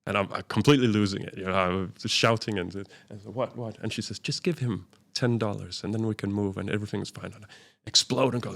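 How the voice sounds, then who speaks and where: A man's voice: on the low side, fairly even intonation, quick pace, vocal fry, fairly bright tone. A man, a guest in an interview, telling a vivid travel anecdote and acting out the dialogue he quotes. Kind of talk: storytelling in a conversational interview.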